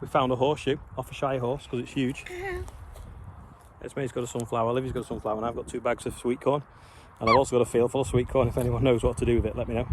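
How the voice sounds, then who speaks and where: A man's voice: medium pitch, slight background noise. A man vlogging casually on his farm, chatting in a rambling way and asking his viewers questions. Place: outdoors on a farm.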